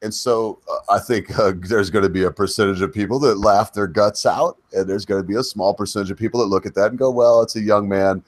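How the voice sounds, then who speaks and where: Older-ish host guy, lowish voice, rambles and cuts himself off, dry sound. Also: steady tone, fast talker, few pauses, no echo. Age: middle-aged. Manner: meandering, self-interrupting questions and rants. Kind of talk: casual chat.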